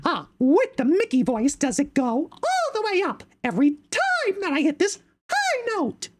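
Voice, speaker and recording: A squeaky, cheerful male cartoon mouse in a very high falsetto that swoops wildly up and down, put on by a man. A faint hiss of noise sits under it. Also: huge pitch swings, unhurried, exaggerated voice.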